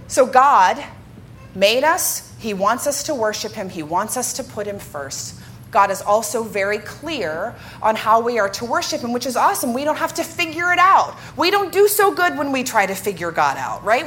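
A woman worship director giving a lively church teaching talk to a congregation, joking with them as she goes. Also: fairly high pitch, slight background noise. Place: church sanctuary before a congregation.

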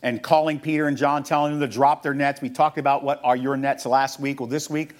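A man's voice: mid-range voice, flat delivery, a little fast. A male pastor preaching a sermon, asking rhetorical questions and reading scripture aloud as he teaches.

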